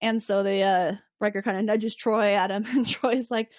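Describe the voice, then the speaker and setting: A woman on a podcast walks through a plot in a loose, animated way. She slips into little character voices and swears freely. Her voice sits in a middle range, and the sound is dry and close to the mic. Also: medium pitch, normal speed, hardly any pauses, no room sound. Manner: animated storyteller, acts out characters' lines, swears casually. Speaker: podcast co-host. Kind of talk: casual recap chat.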